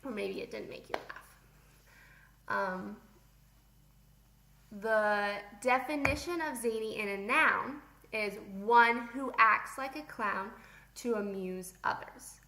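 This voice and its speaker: A young woman teacher runs a playful, animated vocabulary lesson, addressing pretend students only she can see. Her high, bright voice moves slowly and deliberately, echoing around a classroom with a slight hiss or hum in the background.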